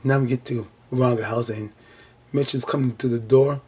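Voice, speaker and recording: A man with a husky voice, recapping a TV episode in an animated casual style, acting out the characters' lines. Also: mid-range voice, fairly quick. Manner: animated storytelling with churchy exclamations and acted-out lines. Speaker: TV episode reviewer.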